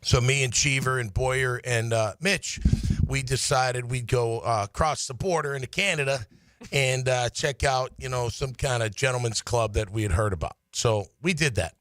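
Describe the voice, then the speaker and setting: A middle-aged man, a former player, tells a story in a casual, animated way and acts out the people he quotes. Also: normal speed, dry recording. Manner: animated, acts out quotes with big pitch swings. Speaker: former player telling a story on sports radio.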